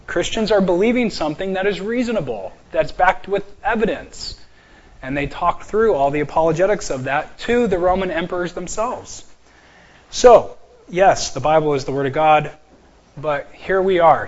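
A man lecturing a class from slides, his voice sitting a little high. He jokes and slows down to stress single words. The recording is dull and lo-fi. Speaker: apologetics teacher.

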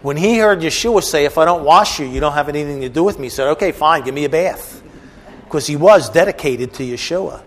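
A man's voice: a little high, expressive, fast, hardly any pauses, slight background noise. A man teaching a bible class, explaining a passage with casual asides to the listeners. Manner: conversational, asides to the audience.

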